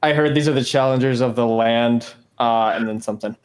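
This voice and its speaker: A man's voice: medium pitch, fairly even intonation, brisk. A man playing a tabletop game who talks loosely and rambles over a voice call. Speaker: player. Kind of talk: casual chat. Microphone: voice call microphone.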